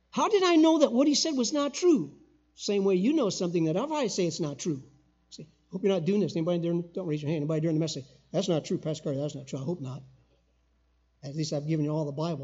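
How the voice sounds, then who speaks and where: Older man preaching a sermon, husky. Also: fairly high pitch, highs cut off. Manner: emphatic, rising to loud call-and-response. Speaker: guest preacher. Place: church sanctuary.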